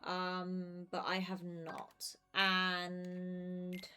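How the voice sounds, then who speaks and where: A woman's voice: on the low side, completely flat delivery, extremely slow, bright, forceful tone, clean tone, soft background music. Chatty British woman streaming a game. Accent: neutral British. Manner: chatty, rambling with many fillers; laughs easily while talking. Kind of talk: casual chat while gaming.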